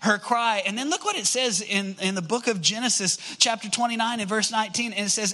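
Pastor, male; bright, lively sermon storytelling with high, ringing tone. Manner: storytelling, rises high and fast when excited.

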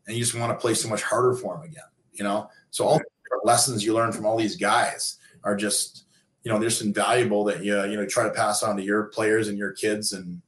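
A man in his fifties tells long stories in a loose, rambling way. His voice sits a bit low and he restarts often with fillers. The sound carries the echo of the room. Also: fairly bright tone. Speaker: interview guest, former pro hockey player turned coach. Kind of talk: casual storytelling. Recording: echoey room.

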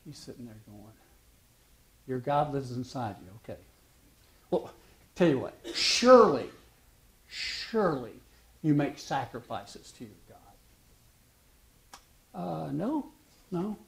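A man preaching a sermon, telling stories and acting out the dialogue in a halting, conversational way. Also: medium pitch, sing-song, vocal fry. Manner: storytelling, acts out dialogue with halting restarts.

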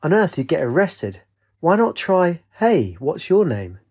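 A man's voice: very animated, a little slow, a little mellow, husky, heavily acted. A man voicing Katie, a feisty, wild young woman, in a storybook reading. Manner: raised pitch, feisty.

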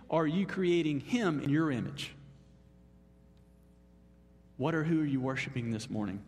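Male pastor, emphatic and animated sermon delivery, slightly high voice, heard with a long church hall reverb. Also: normal speed, long pauses. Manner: animated, emphatic, leaps up in pitch on exclamations. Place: church sanctuary.

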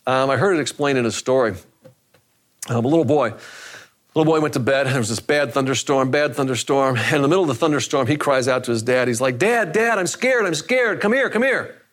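A man's voice: medium pitch, fast talker. A man preaching a sermon in a conversational way, often repeating phrases for emphasis. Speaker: pastor.

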